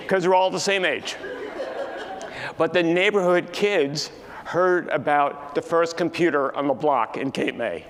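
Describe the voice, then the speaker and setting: Older male keynote speaker, animated storyteller, recorded in a reverberant conference hall. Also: on the high side, measured pace, crowd noise. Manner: animated storytelling, acts out family dialogue. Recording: distant echoey hall with faint ambience.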